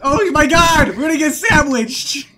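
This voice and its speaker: A young man chatting and shouting callouts with friends while playing an online shooter, excitable and quick to laugh. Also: extremely high pitch, a little hiss or hum. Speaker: gamer. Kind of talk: excited multiplayer game chat.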